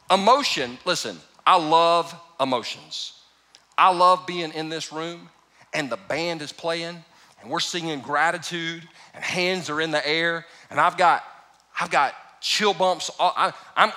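A man preaching a sermon as pastor, animated and emphatic, with humorous storytelling. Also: a little high.

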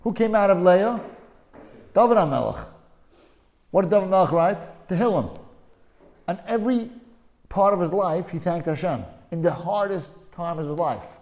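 This man runs a relaxed religious study discussion, recounting stories forcefully and restating things for emphasis. His voice is high, his speed ordinary, and he pauses frequently.

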